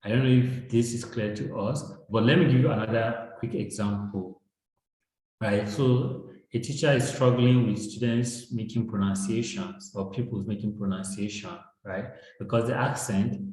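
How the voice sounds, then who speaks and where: Nigerian male educator, explanatory, mid pitch, recorded in a strongly reverberant room. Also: steady tone, moderate pace, darkish tone. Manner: explains with examples, frequent tag "right?". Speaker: education guest. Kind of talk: explanatory discussion. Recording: very echoey room.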